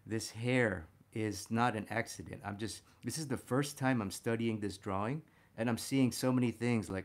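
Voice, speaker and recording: A man teaching a figure drawing lesson as he sketches, talking warmly to viewers as "my friends" and getting excited about the details he spots. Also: lowish voice, moderate pace. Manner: enthusiastic, talks to "my friends" while drawing. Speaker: art instructor.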